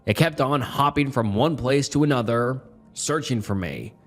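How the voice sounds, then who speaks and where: A man reading a scripted first-person horror story in a measured, even storytelling delivery. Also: mid-range voice, faint music behind.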